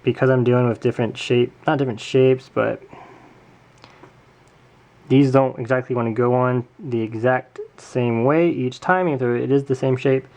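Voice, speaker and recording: Working at what sounds like a home table in front of a camera mic, the same gravelly, fry-edged man at mid pitch guides viewers through a casual craft build. He keeps his intonation fairly even and his pace moderate, sounding a little mellow as he wanders into asides and corrects himself.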